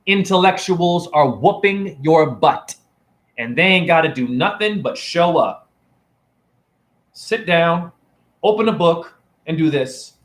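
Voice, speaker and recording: A man's voice: a little high, lively intonation, slow. A man live-streaming as a self-styled spiritual teacher to his chat, preachy and taunting, firing off rhetorical questions. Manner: preachy and taunting, keeps asking "right?". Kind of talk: live-stream rant to viewers. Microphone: phone camera.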